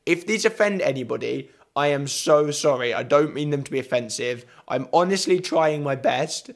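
A man's voice: a little high, animated, normal speed, creaky. A young man with an English accent doing a casual, flustered accent challenge video, laughing at himself. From England. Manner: self-deprecating, giggly, flustered. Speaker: vlogger.

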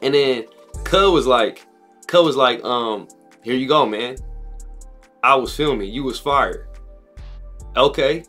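A young man telling a story to his viewers in a casual, slangy vlog, repeating himself and rushing ahead with excitement. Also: mid-range voice, soft background music. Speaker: vlogger.

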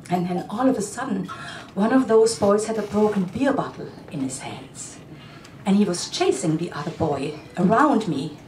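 A middle-aged woman, singer and storyteller, calmly recounting a personal story with dramatic pauses. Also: mid-range voice, a little hiss or hum. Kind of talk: personal storytelling between songs. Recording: roomy, distant mic with music behind.

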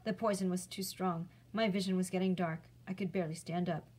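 A woman, a teacher, reading a chapter book aloud in a clear, steady storytelling voice. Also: on the low side, brisk, rough recording.

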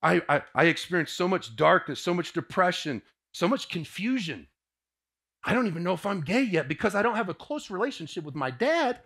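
A man in his forties from Indiana telling a personal testimony to a live audience, swinging from hushed to booming as he tells it. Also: very animated, a little fast. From Indiana, USA. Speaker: motivational speaker.

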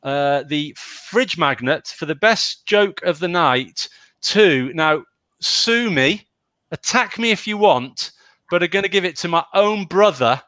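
A man's voice: fairly high pitch, lively intonation, takes it slowly, bright, forceful tone, dry recording. A man from Wales, the show's producer, reading viewer jokes aloud in a casual, chuckling way and tripping over names. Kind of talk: casual online show chat.

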